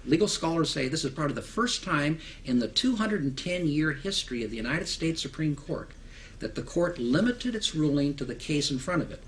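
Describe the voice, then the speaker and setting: A man speaks in a documentary interview with an indignant, rhetorical manner. His voice is a little high for a man. A faint ambient noise sits behind him. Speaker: interviewee commentator.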